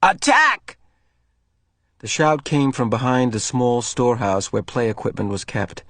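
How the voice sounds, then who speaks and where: A male teacher reading a novel aloud to his class in an expressive, storytelling way. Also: medium pitch, normal speed, no echo.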